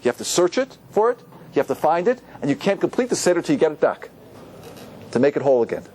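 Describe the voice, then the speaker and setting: A rabbi giving a lively Torah class to an audience, often asking them questions. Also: male voice, fairly high pitch, fast. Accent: Ashkenazi Hebrew pronunciation.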